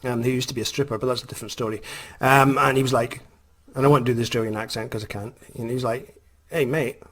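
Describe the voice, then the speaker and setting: Scottish guy vlogging a funny story about himself, husky voice, mid pitch. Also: fast. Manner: animated, self-mocking storyteller who laughs often. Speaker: author and vlogger. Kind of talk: casual storytelling vlog.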